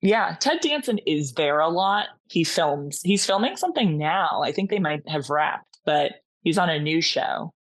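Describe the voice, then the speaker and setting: A woman's voice: low-pitched, expressive, a little slow, hardly any pauses. A woman from Massachusetts, a podcast guest, telling a story in casual chat and acting out the dialogue.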